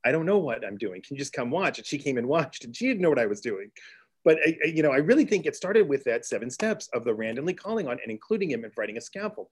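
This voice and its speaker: A middle-aged man from Texas, a teacher telling a classroom story in an interview, earnest, with restarts and excited bursts. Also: medium pitch, fast, husky. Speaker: teacher and author guest. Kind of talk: storytelling in conversation.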